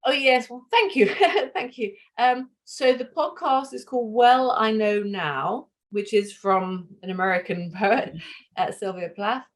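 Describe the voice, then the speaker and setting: A middle-aged woman being interviewed, talking in an animated, emphatic and self-effacing way. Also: on the high side, measured pace. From United Kingdom. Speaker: podcast guest. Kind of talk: conversational interview.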